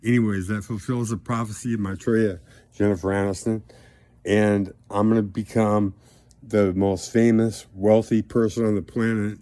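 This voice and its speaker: Low flat-voiced rambling man. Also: normal speed. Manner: grandiose, rambling, drifts between loud and mumbled. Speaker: vlogger addressing a celebrity. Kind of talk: rambling direct-to-camera monologue.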